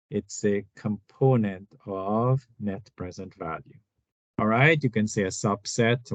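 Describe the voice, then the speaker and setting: A man's voice: on the low side, darkish tone, no echo. A man teaching a finance lesson over a screen recording, explaining step by step and often checking in with "all right" and "right?". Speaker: instructor. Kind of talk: screen-recorded tutorial walkthrough. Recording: dull, dry lo-fi sound.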